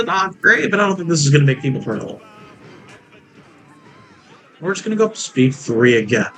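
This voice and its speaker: A man's voice: fairly high pitch, fairly bright tone, a little hiss or hum, rough recording. A man giving casual, rambling commentary while he plays a theme park building game, joking and laughing at his own jokes. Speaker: let's play gamer.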